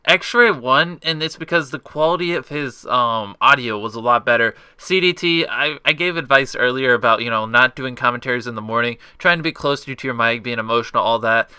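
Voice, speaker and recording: A man's voice: medium pitch, brisk, few pauses, sharp tone, clean tone, no echo. A young man hosting a contest, casually judging entries in a rambling, upbeat way with lots of fillers. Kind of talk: casual spoken critique.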